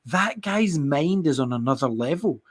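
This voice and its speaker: A man co-hosting a podcast, chatting casually in an excitable, sweary and rambling way. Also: on the high side, normal speed. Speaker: podcast co-host. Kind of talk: casual chat.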